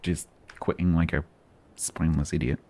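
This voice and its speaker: Deep-voiced guy chatting on his stream, steady even delivery, dry jokes. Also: normal speed, a little hiss or hum. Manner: steady, even-toned, dry self-deprecating. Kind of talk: casual live-stream chat.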